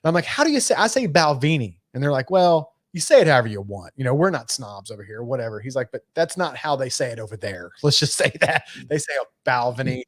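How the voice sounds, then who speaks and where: A man of medium pitch talks loosely and profanely on a podcast, wandering through his thoughts with lots of fillers. His voice is close and dry, with no room sound around it. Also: expressive, fast talker, hardly any pauses, no echo. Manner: laid-back, profane, rambling with fillers. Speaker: podcast co-host. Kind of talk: casual chat.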